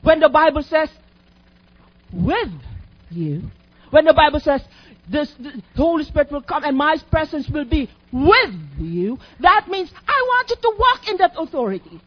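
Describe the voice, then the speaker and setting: A woman's voice: sits high, big pitch swings, a little slow. A woman preaching a sermon in an emphatic, teacherly way, asking her listeners questions. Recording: dull lo-fi recording.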